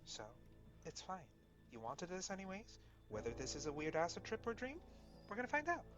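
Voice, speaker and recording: A woman's voice: lowish voice, fairly quick, muffled recording, over music. A woman playing her character in a tabletop game, talking hesitantly with many fillers. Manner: hesitant, lots of fillers, animated. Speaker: player.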